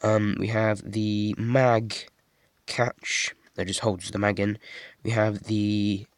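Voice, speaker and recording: A man with a low, husky voice, congested and sniffly from a cold. He talks in a loose, rambling way, full of ums and wry little asides. The sound is dry and close. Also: little pitch movement, takes it slowly, dry recording. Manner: rambling, many ums, self-deprecating asides. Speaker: hobby builder showing his model. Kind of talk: casual show-and-tell.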